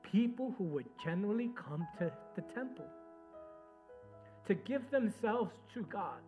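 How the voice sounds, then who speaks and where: A man with a notably high voice preaches to his church. He moves from loud, pressing exhortation to quiet, low retelling of the story. Faint instrumental music plays beneath his words. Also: lively intonation, a little slow. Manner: preaching with swings from loud and urgent to soft and low. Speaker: pastor. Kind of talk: sermon.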